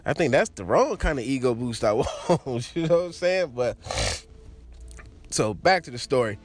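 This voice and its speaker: A man's voice: mid-range voice, sing-song, normal speed. A young adult man casually telling a crude personal story, laughing often and acting out the voices of the people in it.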